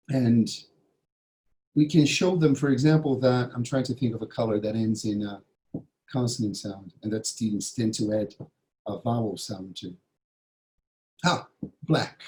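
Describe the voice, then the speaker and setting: A Brazilian man presents to teachers over a video call, his voice mellow and mid-pitched. He speaks with emphasis and keeps checking in with a quick "yeah?". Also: poor audio. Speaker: teacher trainer giving a conference talk. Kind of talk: online conference presentation.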